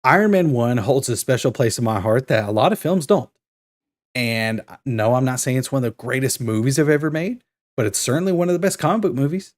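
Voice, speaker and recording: A man in his thirties chats casually on a podcast, steady mid-range voice. He tells stories with rising excitement and acts out the lines he quotes. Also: medium pitch, brisk. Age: 30s. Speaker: podcast co-host. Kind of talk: casual chat.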